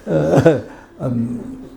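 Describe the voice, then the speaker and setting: Slow, gravelly man teaching. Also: fairly high pitch. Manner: halting, many fillers, laughs often. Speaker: Buddhist teacher. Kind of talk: dharma teaching. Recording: echoey hall ambience, faint noise.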